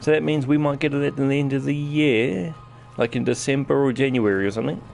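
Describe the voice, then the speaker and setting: A man's voice: medium pitch, brisk, gravelly, darkish tone, soft background music. A man with a New Zealand accent giving casual live-stream commentary while playing a game, chatting to his viewers as he goes. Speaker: gaming streamer.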